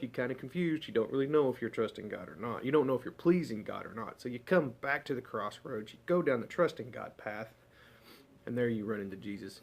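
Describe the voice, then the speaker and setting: A man hosting a short devotional talk, telling stories in a folksy, conversational way. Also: medium pitch. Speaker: ministry devotional host.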